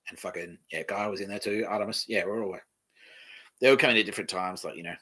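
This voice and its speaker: A man's voice: fairly low pitch, steady tone, quick pace, sharp tone, slightly rough, rough recording. An Australian man hosting a podcast, rambling casually with plenty of swearing and chuckles. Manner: profane, meandering, chuckling. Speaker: podcast host.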